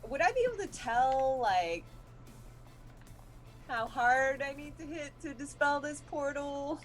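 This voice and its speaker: A woman playing a tabletop game, talking casually, often laughing and thinking out loud. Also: high voice, animated, a little slow, soft background music. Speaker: player.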